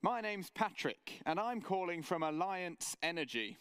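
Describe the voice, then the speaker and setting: A male preacher voicing a chirpy adult male energy-sales cold caller with brisk, overly polite patter. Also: high-pitched, expressive, fairly bright tone, smooth, no room sound, voice pushed up. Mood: eager.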